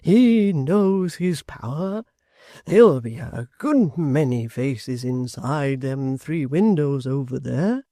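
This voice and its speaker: An audiobook narrator voicing an elderly, chuckling man who mumbles his words slowly and knowingly, his voice pitched high and thin. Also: animated, mellow, no echo, studio quality. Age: older. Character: chuckling old London man, garrulous.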